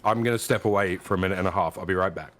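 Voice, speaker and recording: A man's voice: low-pitched, very fast, fairly bright tone. A man co-commentating a sim race, joking with his partner while getting over a cough. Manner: jokey, banters with co-host. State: recovering from a cough.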